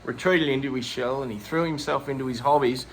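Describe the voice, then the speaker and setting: A man's voice: medium pitch, fairly even intonation, fairly quick. Man, Australian accent, middle-aged, podcast co-host, rambling comic storyteller, crude slang, faint noise. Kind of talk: casual comedic storytelling.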